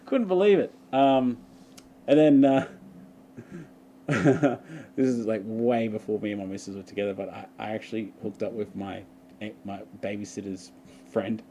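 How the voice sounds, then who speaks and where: A young man with an Australian accent tells a long, wandering story to his livestream viewers, laughing often as he goes. His voice is dark and mellow. A faint hiss sits under the recording. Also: on the low side, moderate pace. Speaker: vlogger. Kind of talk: casual livestream chat.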